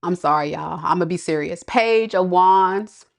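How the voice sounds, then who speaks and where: A woman's voice: on the low side, a little slow, vocal fry. A woman giving a casual tarot reading, chatty and slangy, laughing often and talking straight to her viewers. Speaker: tarot reader.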